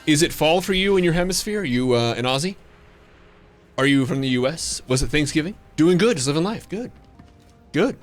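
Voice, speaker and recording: A man's voice: on the high side, animated, moderate pace. A man streaming a game live, chatting casually with viewers in a jokey, rambling, playfully flirtatious way. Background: faint background music.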